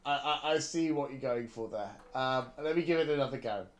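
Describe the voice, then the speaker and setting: A man's voice: mid-range voice, a little fast, a crowd in the background. Hesitant, self-deprecating man. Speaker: podcast co-host. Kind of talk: casual chat.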